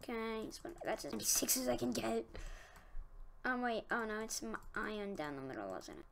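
A woman giving casual let's-play commentary, excitable and talking to herself as she plays. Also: a little high, moderate pace, gravelly, a little hiss or hum. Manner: excitable, talks to herself, easily annoyed. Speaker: gaming youtuber.

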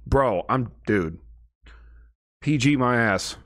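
A man's voice: lowish voice, very animated, slow, a bit bright. A young man hosting an anime reaction channel, exclaiming, swearing and laughing his way through casual commentary. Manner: exclamatory, profane, keeps breaking into laughter.

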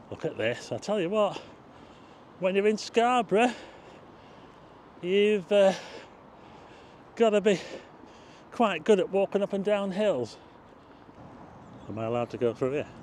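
A man's voice: high voice, very animated, slow pace, long pauses, darkish tone, slight background noise. Chatty man on a walk. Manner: chatty, addresses viewers as folks, exclaims at sights. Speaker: travel vlogger. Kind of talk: casual walking tour narration. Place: outdoors on town streets.

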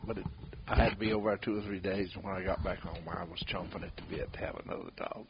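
Older gravelly storyteller. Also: male voice, sits low, fairly even intonation, fast. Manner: folksy, laughs at his own stories. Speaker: bloodhound tracker. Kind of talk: storytelling in casual conversation. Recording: dull lo-fi recording with hiss.

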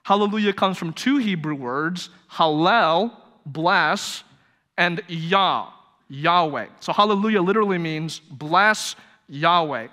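A man's voice: fairly high pitch, slow, bright, forceful tone. A male pastor preaching a live sermon, telling a story and pressing his points with rhetorical emphasis. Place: church sanctuary, live service. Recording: reverberant church hall.

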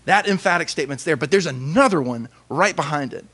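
A young male pastor preaching with real feeling. His voice sits fairly high and swings widely in pitch, lingering on key words with emphatic pauses. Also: animated, a bit bright, husky. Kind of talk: sermon.

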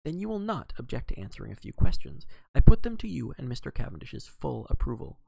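A man reading aloud, voicing a fussy, precise elderly male detective who talks in a brisk, exacting way with French phrases. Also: medium pitch, sing-song, vocal fry, dark tone, husky, dry recording, full character voice. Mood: coaxing.

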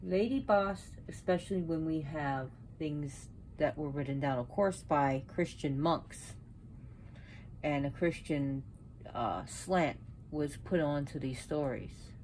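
A woman's voice: low-pitched, takes it slowly, a little mellow, a little hiss or hum. A woman hosting her own channel, talking casually about mythology while setting up an altar at home, rambling and correcting herself as she goes. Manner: rambling, self-correcting, with sudden outbursts. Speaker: pagan video host.

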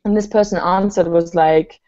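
A woman's voice: fairly low pitch, steady tone, moderate pace, mellow, dull audio. A woman actress telling a long story in a casual interview, rambling and full of fillers. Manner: chatty, rambling, many fillers. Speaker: actress and guest. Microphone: video call.

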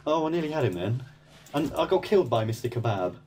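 Excitable man gaming, noisy mic. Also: mid-range voice, fast talker. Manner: excitable, chants and shouts in-game. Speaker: gaming channel co-host. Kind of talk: casual gameplay commentary.

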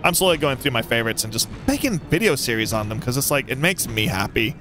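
A young man giving let's play commentary on a boss fight, excitable and taunting the enemy. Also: medium pitch, fast, over music. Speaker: gaming YouTuber.

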